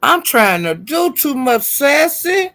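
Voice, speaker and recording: A woman's voice: a little high, expressive, measured pace, gravelly. A woman hosting a live stream who is frantic and flustered, swearing, laughing and calling out to viewers for help. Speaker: livestream host.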